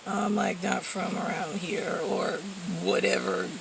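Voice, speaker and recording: Gravelly woman on a sardonic rant. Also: mid-range voice, little pitch movement, a little slow, distant mic, over a noisy crowd. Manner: profane, sardonic ranting with frequent fillers and laughs. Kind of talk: rambling monologue to camera.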